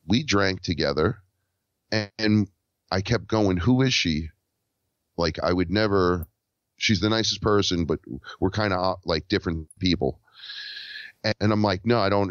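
Man guest, low voice, lively storyteller who acts out dialogue, dry and dull lo-fi sound. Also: no echo. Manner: animated, acts out quoted dialogue. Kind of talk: casual storytelling.

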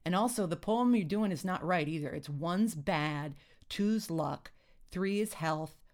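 A woman voicing a slow-witted young man who halts and gropes for words. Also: fairly low pitch, lively intonation, darkish tone. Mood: groping. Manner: halting, groping for words.

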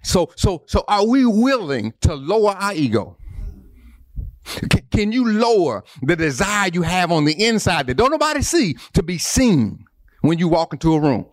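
A man's voice: sits high, big pitch swings, normal speed, no room sound, studio quality. A man preaching a sermon, repeating phrases and building emphasis. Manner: preaching with repetition and rising emphasis. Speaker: pastor.

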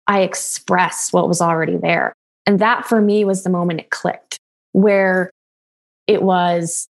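A young adult woman telling a personal story in casual conversation, candid and animated, laughing often and swearing casually. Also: mid-range voice, creaky.

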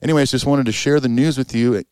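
A man's voice: medium pitch, fairly even intonation, fast, a little mellow, clear, resonant tone, no room sound, studio quality. A man co-hosting a podcast in easygoing casual chat, reading listener emails and agreeing with his partner. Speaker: podcast co-host.

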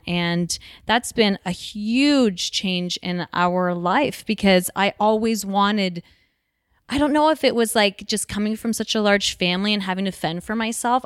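A woman's voice: on the low side, fairly bright tone, clear, resonant tone, dry recording, studio quality. A woman in her thirties talking earnestly as an interview guest, with many restarts and rambling sentences. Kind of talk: casual conversation.

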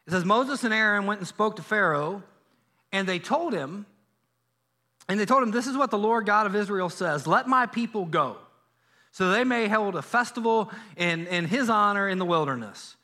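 A male pastor preaching a sermon in a church, telling a Bible story in a lively way and acting out the characters' lines. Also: high voice, moderate pace. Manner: animated storytelling, acts out biblical dialogue. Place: church sanctuary.

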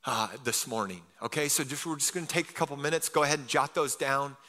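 A pastor preaching a sermon in an energetic, casual way, often asking the congregation "amen?". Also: male voice, medium pitch, fast, in a large hall.

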